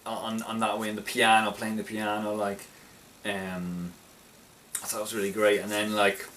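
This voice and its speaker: A man's voice: fairly low pitch, monotone, normal speed, fairly bright tone. A young man casually recapping a film he liked, rambling and often restarting his sentences with enthusiasm. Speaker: film reviewer. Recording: slightly distant mic, faint background noise.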